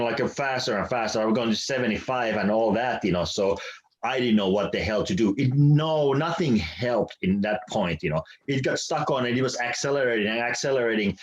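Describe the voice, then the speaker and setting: A man from Finland, a musician and podcast guest, telling a story haltingly with many restarts and fillers. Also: medium pitch, poor audio. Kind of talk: casual storytelling.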